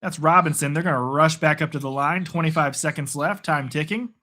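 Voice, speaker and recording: A man hosting live play-by-play and reaction, chatty and casual between quick bursts of calling the action. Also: on the high side, bright, forceful tone. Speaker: host.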